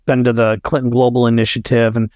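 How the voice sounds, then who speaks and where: A man's voice: medium pitch, little pitch movement, quick pace, a little mellow, muffled recording. A middle-aged man speaks as a podcast guest, telling a heartfelt story in an earnest, conversational way. He acts out bits of dialogue as he goes. His voice sounds close and dry, with no room echo. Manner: earnest, heartfelt, tells stories with quoted dialogue.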